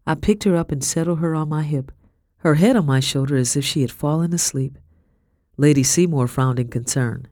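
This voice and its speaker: A woman narrating a first-person historical novel as an audiobook, with expressive, steady storytelling on a close studio mic. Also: sits low, moderate pace, no room sound.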